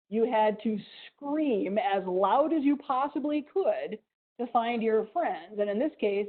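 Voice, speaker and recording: A museum educator with a mild Ohio accent gives an animated, playful science lesson to children over a video call, adding little sound effects. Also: female voice, fairly high pitch. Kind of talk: live online science lesson for kids. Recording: tinny video call audio.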